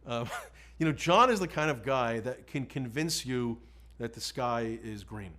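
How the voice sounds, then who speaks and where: A man's voice: medium pitch, lively intonation, unhurried, a bit bright. Male defense lawyer, candid storyteller, quotes conversations, wry and self-deprecating. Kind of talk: storytelling in an interview.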